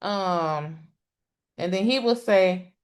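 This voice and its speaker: With a lowish voice, a woman hosts an informal live stream about a trial. She's talkative and exclamatory as she speaks straight to the audience, regularly pausing on "um" and beginning again.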